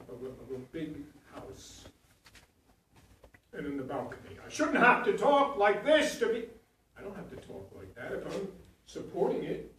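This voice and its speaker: A man's voice: on the high side, warm tone, far from the mic, slight background noise. A man who teaches acting, giving frank notes to his students in a coaching manner. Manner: frank, blunt and coaching, with frequent restarts and "you know". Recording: very echoey room, voice from off the mic.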